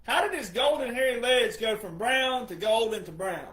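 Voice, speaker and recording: A man hosts his own opinion show, scornful and mocking as he talks. His voice sits high for a man and moves between muttered asides and loud outbursts. The room around him is echoey. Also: lively intonation, normal speed. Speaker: political commentator host. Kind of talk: opinionated casual monologue.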